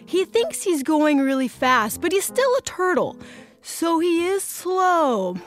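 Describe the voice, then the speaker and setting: A woman's voice: extremely high pitch, big pitch swings, slow pace. A woman contestant thinking aloud in a casual, musing way. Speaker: game contestant. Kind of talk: casual improv chat.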